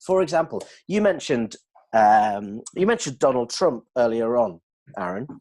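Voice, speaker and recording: A man explaining communication ideas to colleagues in an animated way, checking that they follow. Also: mid-range voice, a little slow. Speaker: dental communication trainer. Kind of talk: explanatory discussion.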